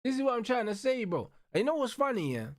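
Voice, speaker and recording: A man's voice: very high-pitched, sing-song, fast talker, no echo, studio quality. A young man ranting hotly about football as a watch-along host, swearing freely and ending every line with bro, bruv or blood. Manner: profane, slang-heavy, repeats tags like bro and blood. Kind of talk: heated football rant.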